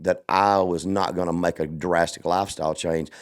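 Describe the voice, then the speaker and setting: A male host talks earnestly in a casual conversation, often restarting his sentences as he reflects. His voice sits very low. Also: steady tone, moderate pace, clean tone. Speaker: show host.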